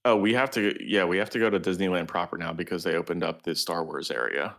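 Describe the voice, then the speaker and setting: Deep, gravelly man, soft-spoken. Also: fast talker. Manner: soft-spoken, trailing off, hesitant. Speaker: podcast co-host. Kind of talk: casual chat.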